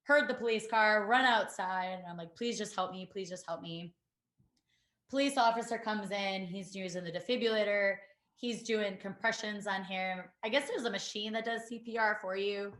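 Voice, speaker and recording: A woman, a podcast guest, telling a painful personal story in a halting way, full of fillers and restarts. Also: mid-range voice, fairly bright tone, roomy sound. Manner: halting, many fillers and restarts, quotes others.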